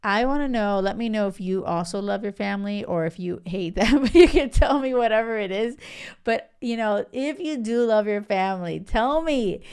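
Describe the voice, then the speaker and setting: A woman's voice: mid-range voice, moderate pace, a little mellow, clean tone. A woman hosting a show and giving relationship advice in a chatty, emphatic way, often asking "right?" and "okay?". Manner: chatty and emphatic, with frequent "like" and "right?" and some laughter. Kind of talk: casual advice monologue.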